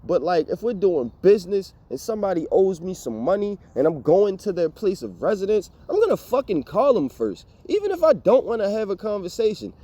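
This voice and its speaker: Young male vlogger, lively exasperated storyteller, mellow timbre, swears freely. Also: high voice, brisk, few pauses. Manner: animated, profane, exasperated storytelling. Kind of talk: casual storytime rant.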